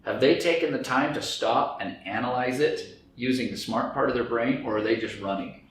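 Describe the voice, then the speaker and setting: A man's voice: medium pitch, moderate pace. A man giving a lecture to a group, acting out inner voices in quoted dialogue. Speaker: speaker on anxiety and stress. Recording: very echoey room, faint background noise.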